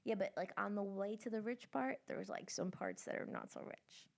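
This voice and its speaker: A woman's voice: medium pitch, normal speed, gravelly. A young woman co-hosting a podcast, chatting casually in a joking, rambling way. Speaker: podcast co-host. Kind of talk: casual chat.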